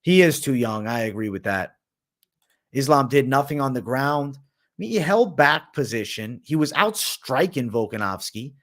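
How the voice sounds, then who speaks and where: A young man with a bright, mid-range voice hosts a casual livestream, sounding very animated at a moderate pace. He reads viewer questions aloud and answers with blunt, slangy opinions, saying "bro" and "man" often.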